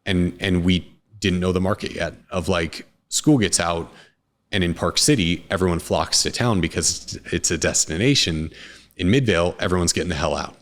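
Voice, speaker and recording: A man, a restaurant co-founder, talking casually in an interview, relaxed and rambling with many restarts. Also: deep voice, normal speed.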